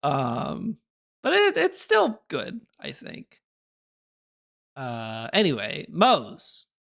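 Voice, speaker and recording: A man's voice: fairly high pitch, huge pitch swings, very slow, gravelly, a bit bright. A young man chatting casually on a live stream, rambling through opinions and answering his chat with little laughs.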